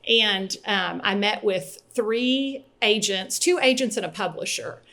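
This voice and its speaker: A woman's voice: medium pitch, unhurried, gravelly, sharp tone. Speaking in a middle-range voice, a woman in her fifties recounts her past in an easygoing interview. She talks candidly, with frequent "um"s and "like"s, as a guest author chatting with a host. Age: 50s. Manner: candid storytelling with frequent fillers. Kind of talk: casual interview chat.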